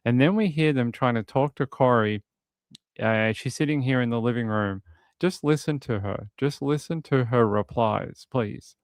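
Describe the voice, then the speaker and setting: A man's voice: mid-range voice, moderate pace. A man giving casual livestream commentary on a case, talking in a rambling, conversational way and reading out viewer comments. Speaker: true crime streamer.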